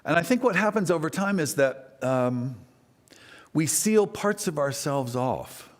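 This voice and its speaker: A man from Texas giving a conversational sermon at a spiritual center, chatty and animated, often asking the audience questions. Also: fairly high pitch, a little slow. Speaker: guest speaker at a spiritual center.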